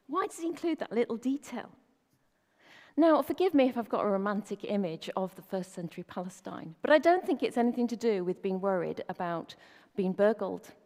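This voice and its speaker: A woman's voice: medium pitch, mellow. A middle-aged woman giving a conversational sermon as a preacher, often asking the listeners rhetorical questions. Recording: long reverb of a hall.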